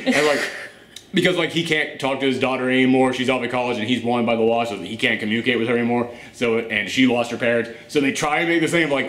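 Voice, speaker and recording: A man's voice: mid-range voice, quick pace. Exasperated man ranting in a roomy space. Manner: animated and exasperated, swears and laughs often. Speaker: host. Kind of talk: casual movie rant. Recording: roomy echo.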